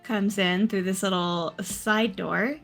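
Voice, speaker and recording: A woman as dungeon master, narrating a tabletop game in an unhurried, playful way with frequent laughter. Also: medium pitch, steady tone, gravelly, faint music behind.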